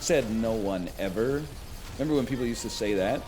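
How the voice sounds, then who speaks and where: A man's voice: on the low side, a little fast, darkish tone, slight background noise. A man in his thirties, a streamer chatting casually and jokingly while he plays a video game, drifting from one tangent to the next. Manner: rambling, joking, wanders off on tangents.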